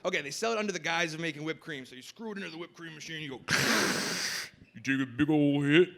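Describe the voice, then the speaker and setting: On a festival stage, a young man performs stand-up in a loose, rambling way, dropping "like" constantly and sometimes shouting over the crowd. His voice sits a little high and he races along.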